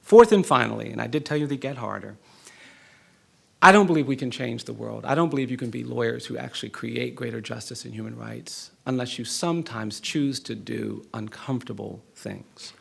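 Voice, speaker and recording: Gravelly, husky middle-aged man telling a story. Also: medium pitch. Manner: earnest, measured storytelling with rising emphasis. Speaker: law professor and speaker. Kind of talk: public lecture storytelling. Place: lecture hall.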